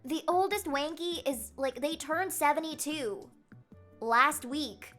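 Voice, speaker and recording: A woman's voice: sits high, slow, fairly bright tone, soft background music. A young woman with a light Canadian accent, chatting casually and giggling as she reacts to her stream chat.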